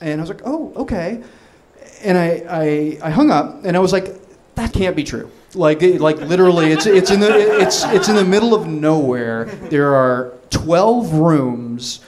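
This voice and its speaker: A man in his thirties telling a long comic story, rambling and excitable, laughing through his words with many restarts. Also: on the high side, moderate pace.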